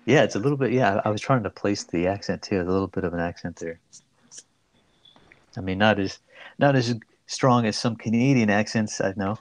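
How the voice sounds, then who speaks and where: A man's voice: fairly low pitch, a little fast, no echo. A man and comic artist chatting casually in a group call, hesitant and stammering, chuckling often.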